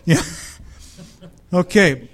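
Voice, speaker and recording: A man's voice: extremely slow, a bit bright. A man preaching a conversational sermon, asking his listeners questions and acting out the voices in the story. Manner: conversational, acts out the Bible voices, asks the audience questions. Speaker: pastor.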